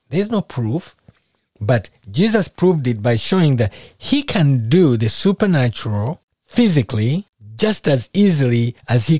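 A man preaching a sermon in a conversational, animated way, acting out little scenes as he goes. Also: a little high, no room sound, clean studio sound.

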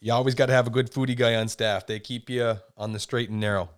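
A male interview host with a smooth, resonant voice at an ordinary pitch. He asks his guest teasing, jokey questions. His manner is casual and relaxed. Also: quick pace.

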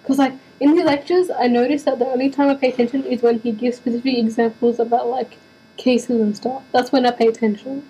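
Young woman, teasing friend in casual chat; mellow, slightly husky, low hum behind. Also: steady tone, fairly quick, poor audio. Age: young adult. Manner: teasing, chatty, filler-heavy. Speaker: university student.

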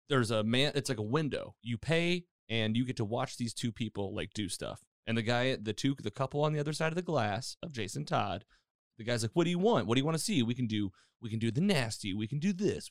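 Animated man recapping a show. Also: medium pitch, a little fast, dry recording, studio quality. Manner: animated storytelling, acting out quotes, many fillers. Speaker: podcast host recapping a TV episode. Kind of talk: casual chat.

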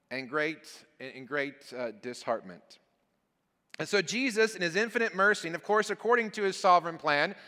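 A man's voice: high voice, bright, forceful tone. A man preaching as a guest speaker, reading scripture aloud and then explaining it in an earnest, emphatic way. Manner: earnest, emphatic preaching with falling phrase endings. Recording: long church hall reverb.

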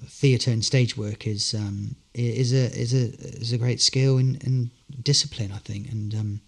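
A man's voice: mid-range voice, steady tone, measured pace, creaky. Rambling man telling stage stories. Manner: good-humoured, rambling storyteller. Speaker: actor, podcast guest. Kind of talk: casual interview anecdotes.

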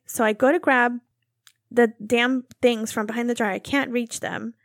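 A young woman telling a long, animated story about a domestic squabble, acting out both sides of the argument. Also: on the high side, dry recording, clean studio sound. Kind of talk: casual storytelling chat.

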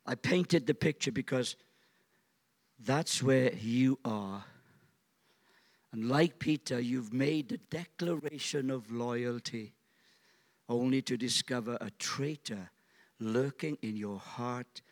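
Speaking slowly and leaving long pauses, a man preaches as a pastor in a church. He throws in jokes and acts out quotes theatrically, his pitch swinging widely.

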